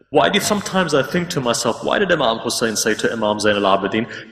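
Male preacher, mid-pitched, emotive sermon delivery, recorded from a distance in a roomy hall. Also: sing-song. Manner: emotive, slows and drops to near a hush at sad moments. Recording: roomy hall with long reverb, from far off.

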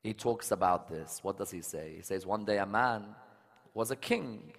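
Male preacher, sermon delivery, quiet narration building to fervent loud outbursts. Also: lowish voice, moderate pace. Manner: impassioned, rising to loud emotional cries in prayers. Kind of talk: religious sermon.

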